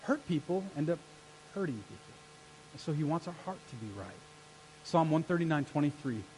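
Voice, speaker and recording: Male pastor, higher voice, lively sermon delivery that pulls the room into call-and-response, faint hum behind. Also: fairly quick, low-quality recording. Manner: energetic, rallies the congregation with call-and-response. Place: church sanctuary.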